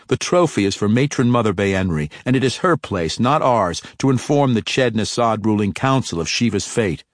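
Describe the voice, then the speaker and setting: A man voicing a ruthless, scornful male dark elf assassin in a sharp, mocking tone. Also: lowish voice, expressive, moderate pace, dry recording, clean studio sound, natural voice. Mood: disdainful.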